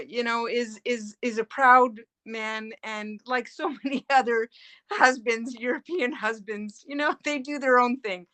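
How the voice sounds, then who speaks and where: A middle-aged woman with a bright, forceful voice, pitched a little high, recounts her caregiving experience. She talks earnestly and vividly, with plenty of "uh" and "you know" as she goes. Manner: earnest, animated retelling with fillers. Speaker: family caregiver, guest. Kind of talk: emotional personal storytelling.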